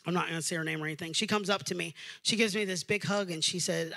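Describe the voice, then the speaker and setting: A young adult male pastor preaching a sermon, moving from loud, emphatic preaching to soft, personal storytelling. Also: sits high, fast, creaky.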